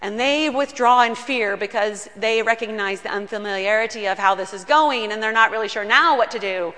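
A woman pastor preaching a sermon in a church, telling the story earnestly and slowing down on key words. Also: a little high, sharp tone. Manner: earnest storytelling, slows down for emphasis. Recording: long reverb of a large room.

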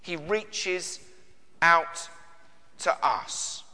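A man's voice: on the high side, animated, drawn-out words, sharp tone, in a large hall. A British man preaching a sermon in an earnest way, with many searching questions and frequent repeated words. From Britain. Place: church.

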